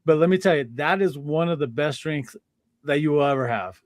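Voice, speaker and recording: A man hosts a sports talk show in a loose, energetic way. He fills his sentences with "uh" and "like" and laughs easily. His voice sits on the higher side and sounds dry and close. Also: brisk, no echo. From Denver. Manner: animated, laughing, filler-heavy talker. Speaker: podcast host. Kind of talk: casual chat.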